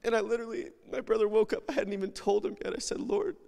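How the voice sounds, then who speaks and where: A male pastor preaching an emotional sermon, swinging between loud pleading and near whispers while fighting back tears. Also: high-pitched, flat delivery, fast, vocal fry. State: tearful. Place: church hall. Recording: long reverb of a large hall.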